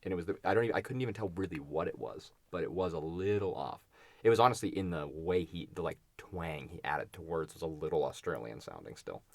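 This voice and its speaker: A man's voice: low-pitched, lively intonation, fast, creaky, a little mellow, dry recording. A young man co-hosting a podcast, chatting casually and rambling with lots of fillers and restarts. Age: young adult. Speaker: podcast co-host. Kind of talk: casual chat.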